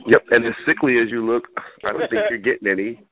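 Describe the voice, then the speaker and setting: A man calling into a phone chat line, trading brash, sassy insults with a drawn-out delivery. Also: mid-range voice, narrow, tinny audio. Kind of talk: trash-talking phone chat.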